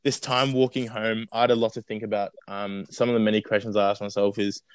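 A man's voice: on the low side, little pitch movement, fast talker, smooth, no echo, rough recording. A young man with an Australian accent telling a long casual story as a guest, rambling with lots of fillers and restarts.

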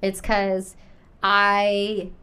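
A woman's voice: medium pitch, monotone, very slow, pushed and bright, clear, resonant tone. A woman from Canada hosting a casual interview, chatty and rambling, with lots of fillers. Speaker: podcast host.

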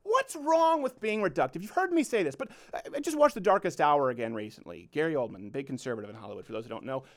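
A man's voice: fairly high pitch, big pitch swings, fast, few pauses. A male host delivers a fired-up closing monologue on his own show. His voice swings widely up and down as he presses each point. He keeps circling back to the same rhetorical questions. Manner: emphatic, repeats rhetorical questions.

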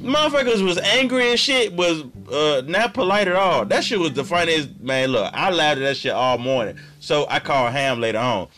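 Animated bright-voiced man telling a story. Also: moderate pace, hardly any pauses. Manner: animated, profane, acts out quoted friends with big pitch jumps. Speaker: podcast co-host. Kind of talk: casual storytelling chat. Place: podcast studio.

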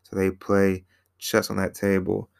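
A man's voice: low-pitched, monotone, a little slow, creaky, darkish tone, clear, resonant tone. A man casually recapping a film in a rambling way, repeating himself and using lots of fillers. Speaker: film reviewer.

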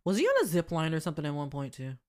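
A woman co-hosting a podcast in casual chat, animated and frank, laughing often and speaking. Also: sits low, racing. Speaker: podcast co-host.

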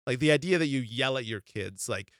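A man's voice: medium pitch, brisk, no room sound. A man in his thirties chatting casually on a podcast, rambling through stories and acting out every quote along the way. His voice sits mid-range for a man. The sound is very dry and close, with no trace of the room. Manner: rambling, animated storytelling with acted-out quotes. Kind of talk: casual chat.

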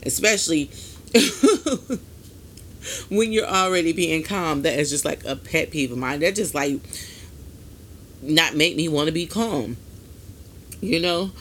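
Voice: mid-range voice, animated, unhurried, pauses often, a bit bright, a little hiss or hum. Blunt, outspoken podcast host. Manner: blunt, emphatic and outspoken, with casual swearing; conversational, with frequent fillers and asides to the listener. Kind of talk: casual solo podcast monologue.

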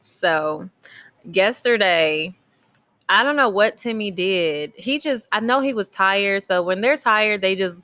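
A woman's voice: mid-range voice, lively intonation, slow, sharp tone, dry recording. A woman, chatting candidly as a podcast co-host and telling stories with a laugh. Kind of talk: casual chat.

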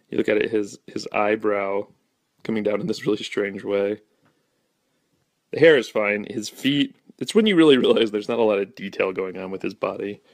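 Rambling deadpan young podcast host. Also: male voice, lowish voice, no room sound. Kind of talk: casual comic-strip commentary.

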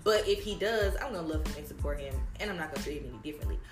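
A woman co-hosting a casual chat, rambling and swearing freely as she talks it through. Her voice sits in a reverberant room. Clear music runs underneath. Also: deep voice, rapid-fire. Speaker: podcast co-host, mother.

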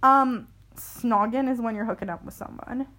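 A young adult woman co-hosting a podcast in casual chat, swearing freely and talking with lively energy. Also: a little high, normal speed. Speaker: podcast co-host.

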